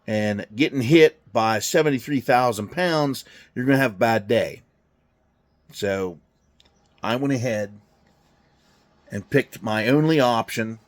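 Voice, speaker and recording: A man's voice: medium pitch, unhurried, long pauses. A middle-aged man telling a story in a garage, blunt and full of swearing, acting out both sides of a conversation. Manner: profane, blunt, acts out dialogue. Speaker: truck driver telling a story. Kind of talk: casual storytelling. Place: garage during a car event.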